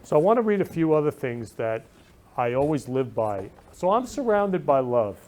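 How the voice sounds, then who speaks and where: A male host talks from his room in a fairly high voice that swings widely up and down. He is effusive and leans hard on his words, repeating the same warm phrases again and again. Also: sing-song, moderate pace. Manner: effusive, repeats loving phrases with emphatic stress. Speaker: show host. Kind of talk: casual talk show monologue.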